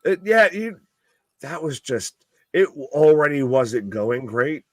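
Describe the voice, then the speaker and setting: A man's voice: fairly high pitch, very animated, takes it slowly, no room sound, clean studio sound. A man co-hosting a live wrestling watch-along, swearing heavily and trailing off mid-sentence in exasperation. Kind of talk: profane live commentary chat.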